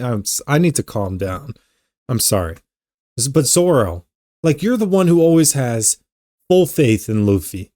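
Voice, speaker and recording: A young man hosting an anime reaction video, talking casually with animated exclamations and stammered repeats. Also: medium pitch, a little slow, faint music behind.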